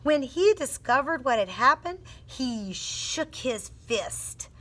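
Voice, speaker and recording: A woman teacher with a high voice reads a picture book aloud to young children, taking her time. She tells the story expressively and coaches the kids as they sound out words.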